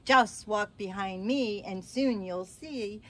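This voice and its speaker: A woman's voice: mid-range voice, slow pace, background noise, close to an everyday voice. A woman voicing a small, clever, boastful male mouse as she reads a storybook aloud. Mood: cocky.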